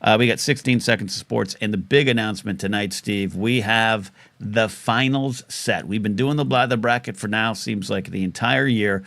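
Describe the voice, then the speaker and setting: Rambling, joking talk-show host, dry close sound. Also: male voice, on the low side, normal speed, gravelly, a bit bright, no room sound. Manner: rambling, joking, self-mocking. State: throat catching after choking on a chip. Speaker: host of a live call-in show. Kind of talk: casual talk-radio chat.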